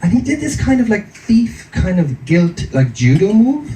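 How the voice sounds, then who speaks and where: A man telling a stand-up story on stage in a self-mocking, animated way. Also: high-pitched, normal speed. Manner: self-mocking, animated, laughing through lines. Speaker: stand-up comedian. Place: comedy venue stage. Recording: echoey stage from far off with loud audience.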